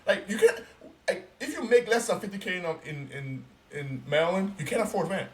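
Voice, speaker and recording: Profane, animated young man ranting. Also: high-pitched, a little fast. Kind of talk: casual ranting chat. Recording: roomy, distant mic, faint noise.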